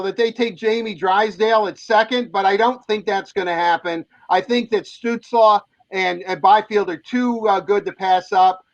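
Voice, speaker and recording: Halting older man in casual sports talk. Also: high-pitched, no echo, dull audio. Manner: halting, repeats words.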